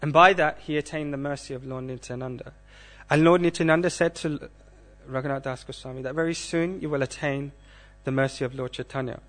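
A man giving a scripture class, speaking in a measured way and asking the audience questions. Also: medium pitch, fairly even intonation, a bit bright.

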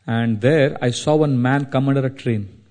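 A man from India, telling a devotional story as a sermon, in a dramatic, animated way. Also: mid-range voice, moderate pace. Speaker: spiritual speaker.

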